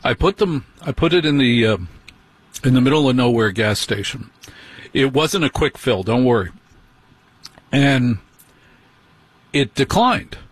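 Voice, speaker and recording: A man's voice: medium pitch, lively intonation, measured pace, pauses often, breathy edge, dry recording. A man hosting a show, telling a story in a wry, mock-indignant comic monologue. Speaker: host.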